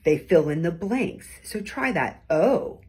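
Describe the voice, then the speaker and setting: Speaking a little slowly, a woman with a lowish, expressive voice that's slightly mellow and husky hosts a weekly talk. The communication coach keeps it conversational and encouraging, covering tone of voice and acting out different tones to illustrate.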